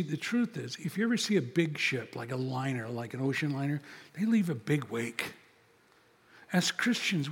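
Older pastor with a husky voice. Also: male voice, a little high. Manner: conversational, storytelling, acts out dialogue. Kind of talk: sermon. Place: church sanctuary. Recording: long reverb of a large hall.

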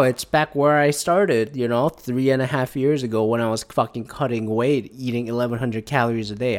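A man of middle pitch hosts a casual solo show from his home and talks off the cuff. He rambles and swears freely, with loose, candid commentary. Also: fairly bright tone. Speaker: podcast host. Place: at home indoors.

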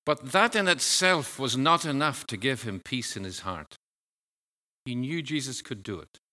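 Slow, bright-toned male preacher. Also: medium pitch, animated. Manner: measured, earnest preaching with pauses and restarts. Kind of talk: sermon.

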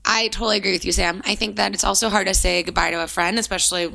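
A chatty woman co-hosting a podcast. Her voice is very gravelly, with heavy fry, and it sounds bright and forceful. She swears casually and reads emails aloud a little haltingly. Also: medium pitch, steady tone, rough recording. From New York. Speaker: podcast co-host. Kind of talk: casual chat, reading listener emails.

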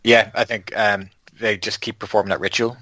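A man with a low, bright voice makes dry, laid-back remarks. The sound is close and dry, with no room echo. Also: little pitch movement, moderate pace. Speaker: podcast co-host. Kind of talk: casual chat.

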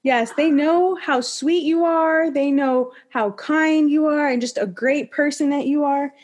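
A woman's voice: sits high, unhurried, darkish tone, voice pushed up. A woman voicing a sweet, chatty older Southern woman who gushes kindly. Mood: gushing.

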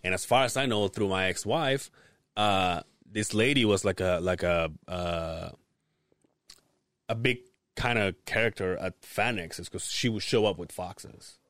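A man's voice: low voice, a little slow, fairly bright tone, dry recording, clean studio sound. A man co-hosting a podcast, laid-back and profane, laughing often as he tells stories. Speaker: podcast co-host. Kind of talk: casual chat.

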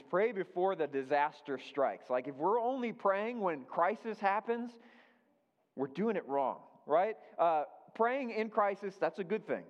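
A man's voice: on the high side, animated, moderate pace. A man pastor giving a conversational sermon, repeating his key phrases for emphasis. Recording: dull lo-fi sound with long hall reverb.

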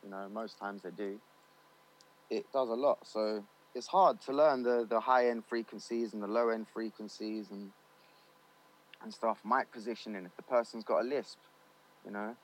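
A man's voice: lowish voice, steady tone, normal speed, rough recording. A man, a studio owner and recording engineer, talking loosely in an interview with lots of fillers and slang. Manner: loose and chatty, slangy, many fillers like "you know what I mean". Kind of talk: casual interview chat.

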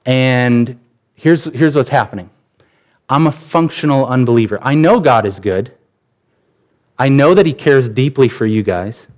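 A man in his thirties preaching a sermon as pastor, candid and conversational, telling personal stories with animated shifts. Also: mid-range voice, unhurried, pauses often.

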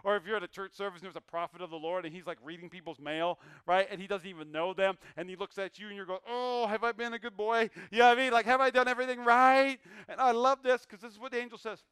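Male pastor, sermon delivery: high, clear, crisp voice, emphatic and repetitive, dry close sound. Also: rapid-fire, few pauses, no echo. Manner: emphatic preaching with repeated lines and sudden loud bursts.

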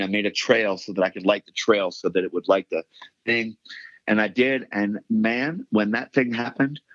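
A man's voice: fairly low pitch, dry recording. Man, middle-aged, emphatic testimony, repeats himself, dry close sound, muffled. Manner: earnest, emphatic, repeats phrases. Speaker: podcast guest. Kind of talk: testimony storytelling.

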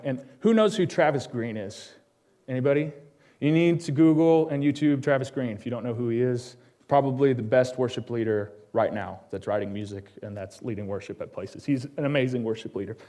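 A man delivering a personal sermon in a church, his voice sitting at a middle pitch. He tells his own story in a conversational way, tossing quick questions out to the congregation and dropping to a hushed tone on the solemn moments. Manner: drops to a hushed tone on solemn lines. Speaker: pastor.

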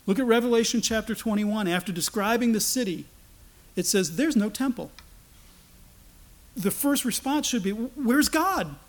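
A man preaching a sermon, animated, acting out the voices of the people he quotes. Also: sits high, moderate pace, long pauses.

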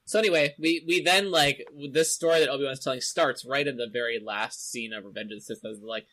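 A man's voice: mid-range voice, quick pace, pushed and bright. A man hosting a casual podcast discussion, recapping an episode in a chatty, rambling way full of fillers. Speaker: podcast host.

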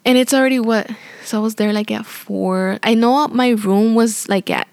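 A woman's voice: a little high, moderate pace, a little mellow, dry recording. A young woman casually telling her birth story, rambling and filling her talk with "like" and "you know.". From Spanish-speaking family. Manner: chatty and rambling, heavy use of "like" and "you know"; apologetic and self-aware.

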